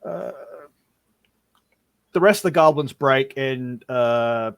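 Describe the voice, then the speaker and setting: A man's voice: mid-range voice, slow, creaky, smooth, dry recording. A man running a tabletop game in a casual, chatty way, laughing at the table and slipping into character voices. He sounds close and dry, with no room around him. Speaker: game master. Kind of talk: narrating a tabletop game live.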